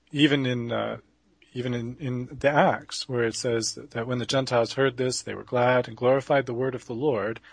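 Raspy guy in a debate, lots of uhs and restarts, husky voice, dry sound. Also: medium pitch, dry recording. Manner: hesitant, many fillers and restarts. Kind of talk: debate rebuttal.

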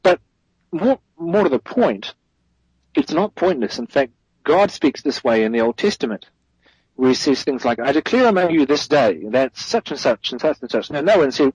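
A man's voice: fairly high pitch, lively intonation, normal speed, breathy edge, no room sound, low-quality recording. A man as a guest theologian, giving a thoughtful explanatory answer in an interview, correcting himself as he goes and stressing key points.

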